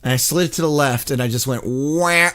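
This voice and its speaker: A man's voice: medium pitch, quick pace. A man chatting casually on a live coding stream, rambling, laughing often and swearing freely. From United States. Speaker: game dev streamer.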